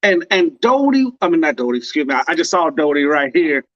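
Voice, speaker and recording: Guy co-hosting a podcast, kinda high voice, playful fake crying bits, dull dry call audio. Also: sing-song, fairly quick, fairly bright tone, no room sound. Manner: playful mock-tearful storytelling. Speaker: podcast co-host. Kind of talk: casual chat.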